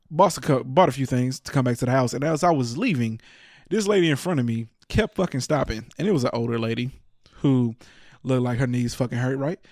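In a casual chat, a man tells a story while cursing freely, laughing often, and acting out what other people said. He's profane and animated, and his medium-pitched voice is captured in a dry, studio-quality recording.

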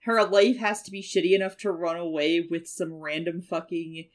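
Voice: mid-range voice, flat delivery, moderate pace. A podcast co-host chatting casually about an anime, rambling and trailing off with fillers. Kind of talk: casual chat.

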